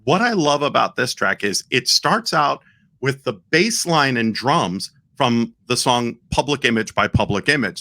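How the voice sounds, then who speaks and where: A man's voice: mid-range voice, normal speed, dry recording. A man co-hosting a casual music show, explaining his song pick with enthusiasm and plenty of fillers. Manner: enthusiastic, animated storytelling with fillers. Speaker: podcast co-host.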